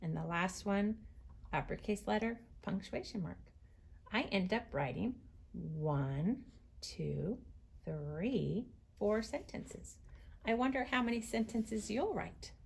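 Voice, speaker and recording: A woman teacher giving a writing lesson to young children, slowly stretching out the sounds of words as she writes. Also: mid-range voice, lively intonation, vocal fry, darkish tone, slightly rough.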